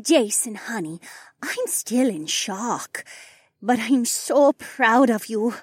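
A man's voice: extremely high pitch, expressive, takes it slowly, slightly rough, dry recording, pitched above the performer's own voice, heavily acted. Man doing a fluttery, doting mom. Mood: fond. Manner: fluttery, emotional. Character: anxious, doting middle-aged human mother.

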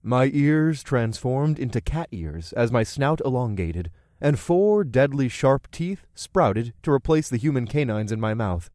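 A man narrating a first-person action audiobook with lively, expressive delivery. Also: mid-range voice, unhurried, no echo, clean studio sound.

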